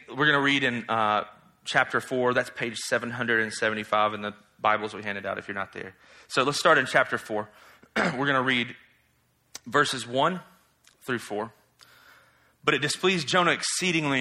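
A man preaching a sermon as pastor, reading scripture and acting out quotes with lively, mocking emphasis. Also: medium pitch, moderate pace. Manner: animated, mocks in exaggerated voices while quoting.

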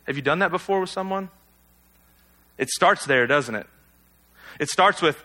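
Guy preaching a sermon, bright forward voice a bit on the high side, chatty, keeps asking the crowd questions. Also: animated, moderate pace, long pauses. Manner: conversational, self-deprecating, rhetorical questions. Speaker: pastor.

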